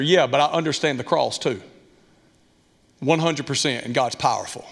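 A pastor in his thirties with a Southern Alabama accent preaches a folksy, candid sermon with lots of asides in a church sanctuary. His mid-range voice moves at a normal speed, with vocal fry and a fairly bright tone. The recording has long church reverb and music.

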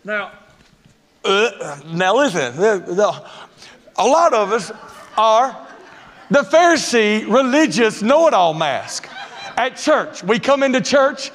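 A high-voiced pastor delivers a lively sermon from a church stage, slipping into mocking character voices as he goes. His words ring out with a long hall reverb around them. The delivery is playful and animated. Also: takes it slowly, pauses often. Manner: animated, acts out mask characters with funny voices. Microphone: muffled through a mask.

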